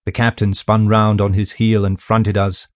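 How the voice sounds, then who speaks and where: A man narrating a classic novel in a measured, even storytelling manner. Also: on the low side, no echo. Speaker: audiobook narrator. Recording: dry close studio sound.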